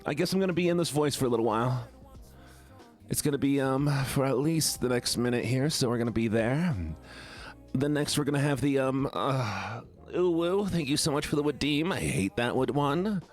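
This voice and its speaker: A man's voice: mid-range voice, normal speed, faint music behind, natural voice. A man putting on a stupid, whiny voice as a childish classmate who tattles. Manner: whiny and nagging.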